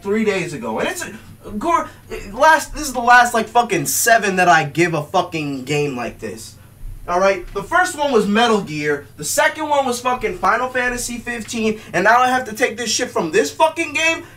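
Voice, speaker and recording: A young man delivering an angry, profane game rant, yelling and swearing constantly. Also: very high voice. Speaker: game reviewer. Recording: voice distant from the mic.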